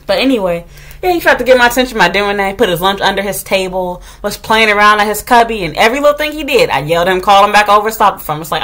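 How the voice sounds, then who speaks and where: A substitute teacher tells the camera a story as a casual rant, blunt and loaded with slang and swearing. She has a mid-range voice and talks fast, staying animated and growing loud when she recalls scolding someone.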